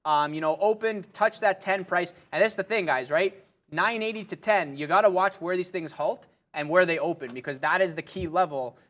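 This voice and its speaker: A man's voice: sits high, moderate pace, fairly bright tone. Casual man calling live trades. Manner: casual, loose, many fillers. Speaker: day trader co-host. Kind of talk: live trading commentary.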